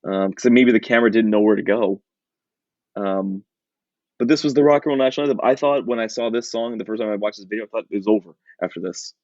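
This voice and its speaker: A man with a fairly low voice co-hosts a casual podcast. He rambles and restarts his sentences, with fillers everywhere. The sound is dry and slightly muffled. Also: fast, a little mellow, no room sound. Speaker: podcast co-host.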